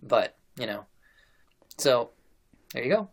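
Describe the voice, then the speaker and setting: A man hosting a podcast, casually retelling a historical story to his guests with a relaxed, chatty manner and easy laughs. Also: mid-range voice, takes it slowly. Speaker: podcast host.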